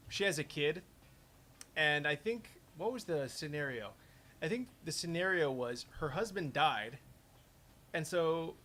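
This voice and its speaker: Chatty, lively game developer man. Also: a little high. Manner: rambling, chatty, self-interrupting. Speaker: game developer playing his own game. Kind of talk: casual gameplay commentary.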